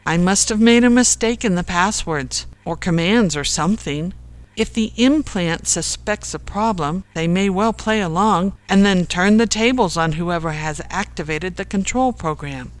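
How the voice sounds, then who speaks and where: A storybook narrator voicing a calm, matter-of-fact grown man who explains things a little dolefully, slightly raised in pitch. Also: normal speed, lightly acted. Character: calm, knowing man friend with a plan.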